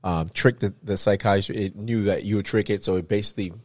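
Animated man in casual chat; low, dry voice. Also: fast, dry recording. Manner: animated, acts out people he quotes.

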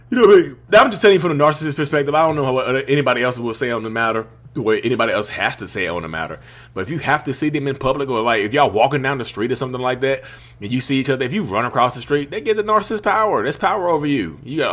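A vlogger and podcaster offers informal advice in a casual monologue, peppered with slang and frequent "you know what I mean?" tags. His medium-pitched, fairly bright voice moves fast with lively intonation.

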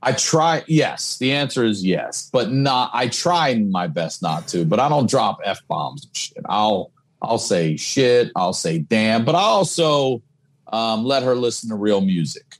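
A male comedian with a fairly low voice talks loosely on a podcast, cursing freely as he spins stories. He is relaxed and chatty. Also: a little slow. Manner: storytelling, swearing freely, animated quotes. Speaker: comedian guest. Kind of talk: casual podcast chat.

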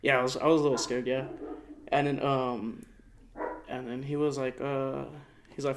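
A man's voice: mid-range voice, moderate pace, long pauses, slight background noise. A young man casually telling a story on a podcast, slangy and profane, acting out the people in it. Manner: slangy, profane, animated retelling with voiced quotes. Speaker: podcast co-host.

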